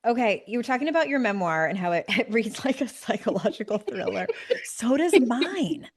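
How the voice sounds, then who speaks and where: A woman's voice: a little high, animated, moderate pace, husky. A woman in her fifties hosting a podcast, chatting casually and animatedly, often laughing and speeding up in bursts. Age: 50s. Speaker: podcast host. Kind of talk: casual conversational interview.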